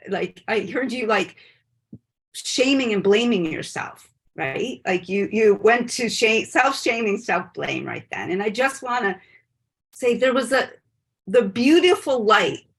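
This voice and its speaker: Husky earnest woman rabbi teaching. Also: fairly high pitch, fairly bright tone. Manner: earnest and impassioned, frequent "like". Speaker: rabbi leading an online session. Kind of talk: spiritual teaching talk.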